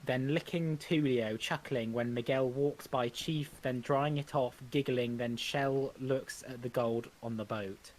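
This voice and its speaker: This is a man narrating the stage directions of a script in a plain, everyday voice. His reading is halting, with frequent stumbles and restarts. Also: mid-range voice, slight background noise.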